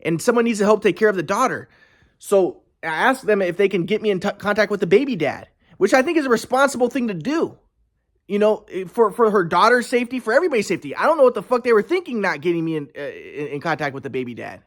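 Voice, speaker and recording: A man's voice: high-pitched, very animated, quick pace. A man telling a personal story in an agitated, rambling way, swearing often and restarting his sentences. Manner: agitated, profane, repeats and restarts.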